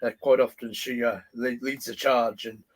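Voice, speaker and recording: A man's voice: mid-range voice, level tone, normal speed. A man guest artist chatting on a livestream, hesitant with many "uh"s and polite, formal phrasing. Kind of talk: casual chat on a livestream.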